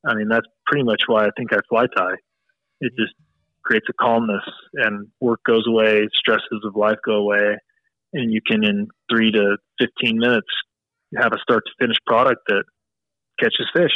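A man's voice: on the low side, steady tone, moderate pace, no room sound, highs cut off. A man talking casually as a podcast guest, rambling and leaning on "you know" as he explains his fly tying. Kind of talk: casual interview chat.

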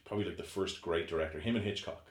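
A man's voice: sits low, rapid-fire. A man co-hosting a podcast, chatting casually and rambling through film scenes with many restarts. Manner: rambling, restarts often, animated when retelling film scenes. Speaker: podcast co-host. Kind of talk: casual chat. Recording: echoey room.

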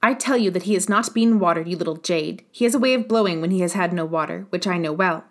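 A woman voicing an angry, rough male peddler who speaks harshly and insistently in a storybook reading. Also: on the low side, fast, lightly acted.

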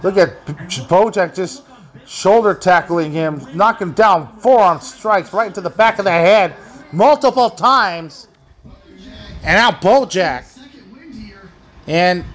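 A high-pitched man calls a wrestling match as it unfolds, swearing freely and shouting at the big moves. He draws his words out slowly between bursts, and faint music plays under his voice. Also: animated. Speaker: wrestling watch-along host. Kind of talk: excited live commentary.

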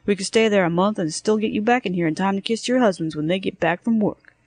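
A woman's voice: mid-range voice, fast talker, dry recording, lightly acted. Woman reading a future crook, chummy, coaxing, dry close sound. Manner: wheedling, chummy. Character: smooth-talking male crook from the future.

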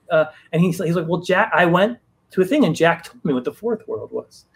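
Rambling, higher-voiced man telling a story. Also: fast talker, slightly rough. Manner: rambling, many restarts and fillers. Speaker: guest comic book writer. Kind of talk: casual storytelling on a live stream.

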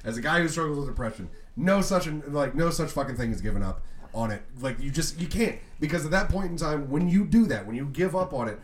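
Man, podcast host, earnest and emphatic, animated pitch, roomy echo. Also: fast. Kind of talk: casual podcast chat.

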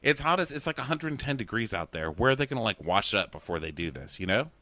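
A man's voice: on the low side, sing-song, fast talker, pushed and bright, dry recording. A man co-hosting a casual recap chat, snarky and profane. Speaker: podcast co-host.

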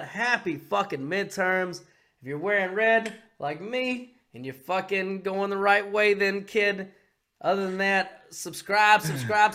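Loud, crude excitable man. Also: sits high. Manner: crude, excitable, swears a lot. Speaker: podcast co-host. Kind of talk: casual political podcast chat.

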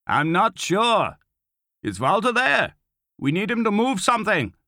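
A man voicing a sadistic male SS lieutenant who speaks in a quiet, gloating way. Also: medium pitch, lively intonation, moderate pace, no room sound, clean studio sound, pitched above the performer's own voice, natural voice.

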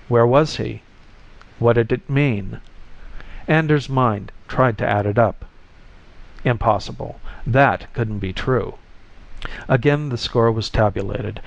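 A man reading an audiobook aloud in a measured, scripted narration. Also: medium pitch, gravelly. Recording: dull lo-fi recording.

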